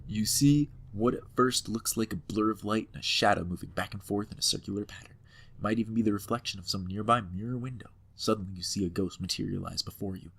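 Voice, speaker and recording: A man hosts a let's-play, reading the adventure text and reacting to it playfully. His voice sits slightly low, and he hams up the dramatic moments. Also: fast talker, vocal fry, husky. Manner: playful and animated, hamming up the game text. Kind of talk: game commentary and reading game text aloud.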